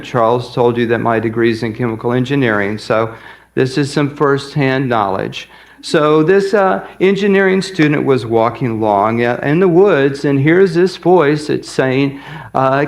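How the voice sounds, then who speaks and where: Male guest preacher in church, slow and deliberate, mid-pitched, folksy and halting. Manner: folksy, hesitant with many pauses. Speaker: guest speaker. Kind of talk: sermon with a joke. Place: church sanctuary.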